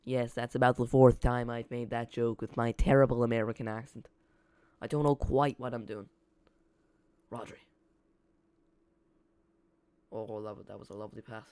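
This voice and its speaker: A young man talks over a live football match, chatty and dry, with self-mocking jokes between calls of the play. His voice sits at an ordinary middle pitch. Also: fairly even intonation, fairly quick, darkish tone, clear, resonant tone. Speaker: live watch-along host. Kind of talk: casual live match commentary.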